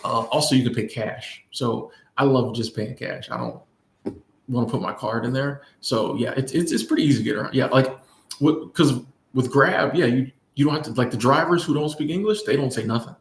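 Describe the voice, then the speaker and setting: A man's voice: medium pitch, brisk, vocal fry, reverberant, slight background noise. A man chatting casually in a rambling storytime vlog, full of fillers and restarts. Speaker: vlogger. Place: in Bangkok.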